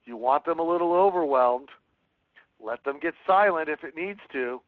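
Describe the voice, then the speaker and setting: Male webinar trainer, higher-pitched, earnest, heard through a tinny phone line. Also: moderate pace, dry recording. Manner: earnest, reads sample calls aloud and coaches. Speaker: real estate sales trainer. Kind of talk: webinar teaching with script role-play.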